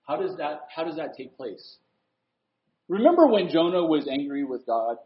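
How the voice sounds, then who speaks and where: Male pastor, high and lively voice, preaching in an echoey room. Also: moderate pace. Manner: animated preaching, swings from loud to hushed. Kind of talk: sermon. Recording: echoey room, dull lo-fi sound.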